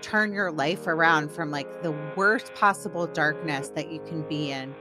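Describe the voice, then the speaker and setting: A woman's voice: low-pitched, normal speed, over music. A woman hosting a podcast, talking to her guest in an encouraging, conversational way. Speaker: podcast host. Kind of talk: conversational interview.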